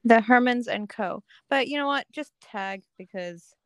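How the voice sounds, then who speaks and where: A young woman chatting as a podcast guest, playful and laughing, quick to exclaim. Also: on the high side. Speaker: guest, host's sister. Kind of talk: casual chat.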